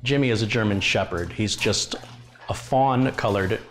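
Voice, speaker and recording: A man's voice: on the low side, moderate pace, slight background noise. A middle-aged man on a casual home live stream, chatting and talking playfully to his dogs. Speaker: tech channel host. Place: home room.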